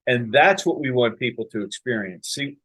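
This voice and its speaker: A man's voice: medium pitch, animated, normal speed, a bit bright, breathy edge, poor audio. A podcast host from the United States talks in a loose, chatty style. He leans on fillers and tags his points with "right?". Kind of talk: casual interview chat.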